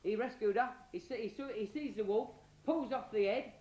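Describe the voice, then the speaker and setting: A man's voice: high voice, a little fast, darkish tone. A man with a Cockney accent telling a bawdy comic story in a rambling, cheeky, slangy way. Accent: London Cockney. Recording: roomy echo, faint hiss.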